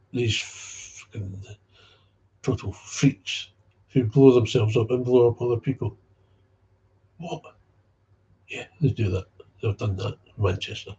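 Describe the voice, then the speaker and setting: A man's voice: medium pitch, measured pace, pauses often, mellow. A man with a Scottish accent giving a blunt, heated personal talk about recovery, swearing freely. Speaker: speaker on recovery. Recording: dull lo-fi recording.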